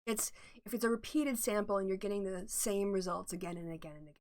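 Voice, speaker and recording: A woman's voice: medium pitch, fast, darkish tone. A middle-aged woman hosting a casual livestream, talking through polling in a chatty, analytical way and greeting her viewers. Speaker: livestream host. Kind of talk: casual political livestream chat.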